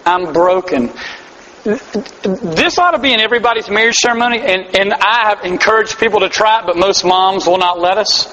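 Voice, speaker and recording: A man's voice: high voice, a little fast, sharp tone. A man preaching a sermon to a live audience, earnest and emphatic, with self-deprecating humor. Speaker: pastor. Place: large hall before a live audience. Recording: dull hall-echo live recording.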